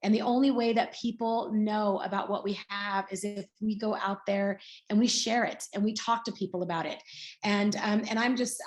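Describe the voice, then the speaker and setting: Chatty woman in her sixties, roomy echo. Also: medium pitch. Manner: chatty storytelling, acts out quoted dialogue. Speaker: guest speaker. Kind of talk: personal testimony on a video call.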